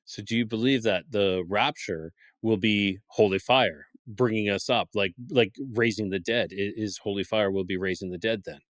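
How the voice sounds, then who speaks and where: A man hosting a podcast interview, halting and stammering as he restarts his questions. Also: fairly low pitch, fairly bright tone, no echo. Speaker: podcast host.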